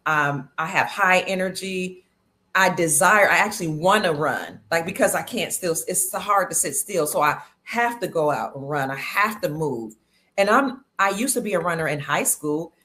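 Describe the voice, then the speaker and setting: A woman's voice: fairly low pitch, fairly bright tone. A woman from Cleveland, Ohio, hosting a casual livestream, chatty and upbeat as she greets viewers and reads out their comments. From Cleveland, Ohio, USA. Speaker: livestream host.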